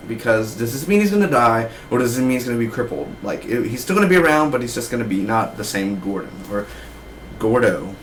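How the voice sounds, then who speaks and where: Young male reviewer, loose and slangy, mid-pitched voice, rambling delivery. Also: big pitch swings, fairly quick, a bit bright, slight background noise, rough recording. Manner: slangy, loose, keeps saying man and dude. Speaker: TV show reviewer.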